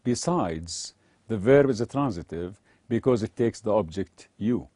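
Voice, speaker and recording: A man teaching English grammar, reading a scripted lesson and example sentences aloud in a measured way. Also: fairly low pitch, expressive, warm tone, no room sound, clean studio sound.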